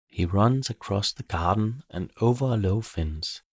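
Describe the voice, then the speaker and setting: Guy reading a kids bedtime story, husky voice, dry close sound. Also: on the low side, dry recording. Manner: calm, measured storytelling. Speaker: narrator.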